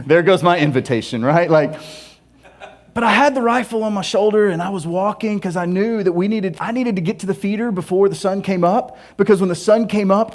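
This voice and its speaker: A man preaching a sermon, telling stories with animated humor and playful asides. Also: sits high. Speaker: pastor.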